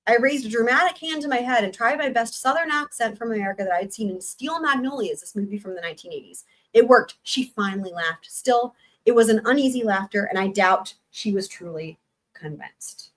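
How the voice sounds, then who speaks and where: A woman's voice: on the high side, fairly quick, a bit bright. A woman in her thirties hosting a live stream, reading a book aloud with chatty, sarcastic asides. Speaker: livestream host and reader.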